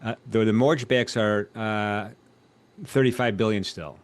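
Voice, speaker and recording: A man's voice: lowish voice, steady tone, unhurried. A man co-hosting a live trading show, speaking conversationally and putting questions to the others. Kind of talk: live market discussion.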